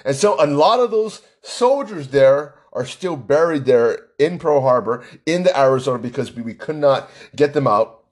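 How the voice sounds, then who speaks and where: A man's voice: mid-range voice, expressive, normal speed. A man giving an indignant political monologue full of rhetorical questions and sarcasm. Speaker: political commentator. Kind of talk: opinionated monologue.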